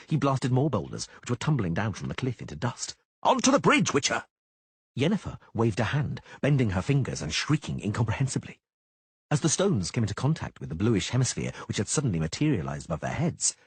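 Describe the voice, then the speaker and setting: A man reading an audiobook in a dramatic, expressive manner. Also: on the low side, quick pace, husky, no echo. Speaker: audiobook narrator.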